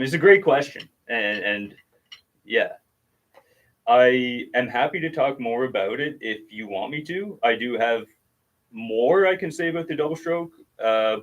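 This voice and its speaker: A man giving a casual drum lesson on a livestream, patiently explaining technique and counting out strokes as he demonstrates. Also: medium pitch. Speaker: drum teacher.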